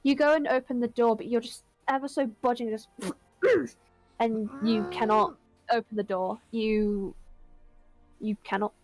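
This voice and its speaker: A woman narrating as game master of an online tabletop game, giving brisk, matter-of-fact rulings. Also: a little high, steady tone, darkish tone, soft background music, poor audio.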